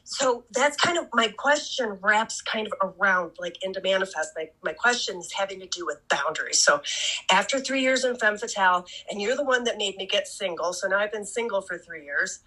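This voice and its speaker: Excitable, gushing woman caller. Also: mid-range voice, brisk, low-quality recording. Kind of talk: live audio-room Q&A.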